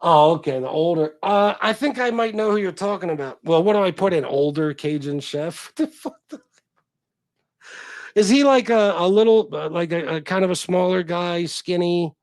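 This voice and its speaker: A man chats loosely on his livestream, cursing freely and wandering between stories. His voice sits a little high for a man, and the sound is dry and close, with no room around it. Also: moderate pace, hardly any pauses, dry recording. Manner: profane, rambling, animated reactions. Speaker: livestream host. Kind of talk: casual livestream chat reading comments.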